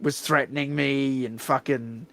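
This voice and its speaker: An Australian man hosting a stream, telling a story in a blunt, profane, animated way. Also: mid-range voice, a little slow, gravelly, no echo, soft background music. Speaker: streamer host. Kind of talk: casual storytelling chat.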